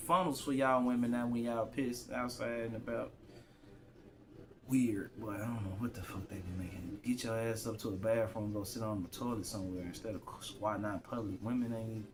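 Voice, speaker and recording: Man, rambling phone vlog, faint background noise. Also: medium pitch. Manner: loose, rambling street slang, repeats himself. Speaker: vlogger. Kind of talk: casual rambling monologue to camera.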